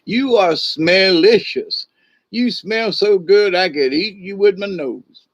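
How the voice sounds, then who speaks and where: A man's voice: high voice, slow pace, no room sound, pitched above the performer's own voice. A man voicing a sly, hungry male mountain lion that drawls and hums over its food in a storybook tale. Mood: greedy. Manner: drawling, savoring, lip-smacking hums. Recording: dull lo-fi recording.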